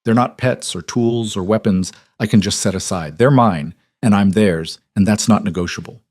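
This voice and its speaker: A man's voice: lowish voice, moderate pace, darkish tone, no echo, clean studio sound, natural voice. A man voicing a cool, defiant cast-out queen. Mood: steely. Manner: cool, level and unyielding. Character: defiant young woman, a cast-out wolf queen.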